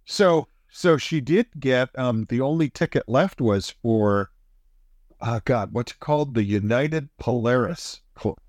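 Middle-aged male co-host, chuckling raconteur with a lively pitch and a dry, close sound. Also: a little slow, dry recording. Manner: animated, chuckling, pitch jumps up for emphasis. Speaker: podcast co-host. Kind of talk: casual storytelling chat.

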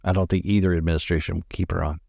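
Very low voiced guy cracking jokes, dry mic, laughs a lot. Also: flat delivery, rapid-fire, creaky, warm tone, dry recording. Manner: joking, laughs often. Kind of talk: casual chat.

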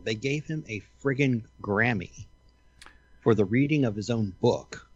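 An older man hosting a casual chat, dry and sarcastic, chuckling often, with a husky voice. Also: medium pitch, a little slow, dry recording, muffled recording.

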